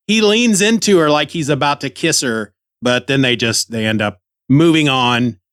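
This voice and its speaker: A man's voice: a little high, fairly bright tone, dry recording. A man hosting a comic book podcast, chatty and enthusiastic, on a close microphone. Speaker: podcast host.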